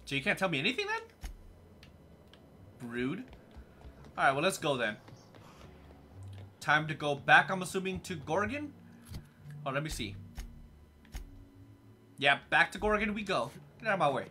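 Bright-voiced sarcastic gaming host. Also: male voice, on the high side, very animated, slight background noise. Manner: quick, sarcastic, reactive. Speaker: gameplay host. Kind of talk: casual let's-play commentary.

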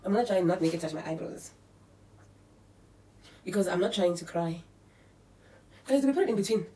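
A woman's voice: on the low side, expressive, fairly quick, dark tone. A young woman from South Africa, chatting casually and nervously to camera in a home vlog, thinking aloud as she goes. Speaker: beauty vlogger. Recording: echoey room.

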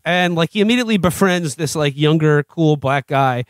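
A man co-hosting a comedy podcast rambles through a TV review in casual, comedic chat, laughing often, restarting sentences and doing mock voices of the characters. His voice is on the high side and animated, at a moderate pace, in a dry recording.

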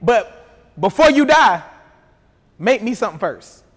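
A preacher voicing a matter-of-fact prophet. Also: male voice, sits high, big pitch swings, measured pace, long reverb tail, heavily acted. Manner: casual, blunt paraphrase.

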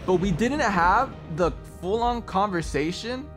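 Animated young man spinning stories on stream. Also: sits high, unhurried, soft background music. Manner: animated storyteller, laughs often, says bro a lot. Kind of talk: casual gaming stream chat.

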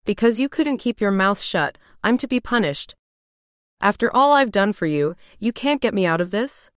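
A bitter young man who snarls accusations and demands that others take the blame, as a woman narrator reads him. His voice comes through smooth and clear over a close, dry audiobook mic, with middling pitch. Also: lively intonation, moderate pace, no room sound, lightly acted. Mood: resentful.

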